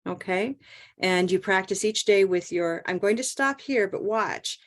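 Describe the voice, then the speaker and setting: A woman teaching English pronunciation in an online group lesson, encouraging and stretching out stressed words slowly. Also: mid-range voice.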